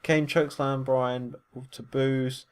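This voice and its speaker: A man at a middle pitch talks through a wrestling recap in a casual, unscripted way. He rambles, stumbles over fillers and corrects himself as he goes. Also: little pitch movement, takes it slowly, smooth. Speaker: wrestling show reviewer.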